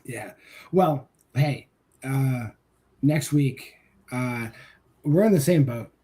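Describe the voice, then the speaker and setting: A man's voice: mid-range voice, takes it slowly, warm tone. A man co-hosting a casual horror movie review, ranting with exasperated profanity. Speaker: podcast co-host.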